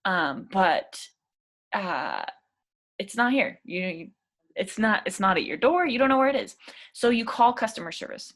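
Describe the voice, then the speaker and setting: A woman's voice: medium pitch, animated, a little slow, a bit bright. A young woman teaching a casual English speaking lesson, chatty and encouraging, with plenty of fillers.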